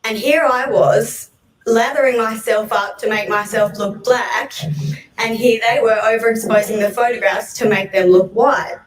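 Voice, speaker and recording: A woman's voice: a little high, normal speed, a crowd in the background. Australian woman telling a wry story, echoey. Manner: wry, self-mocking humour. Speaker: storyteller on stage. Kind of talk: personal storytelling talk. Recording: echoey room, voice distant from mic.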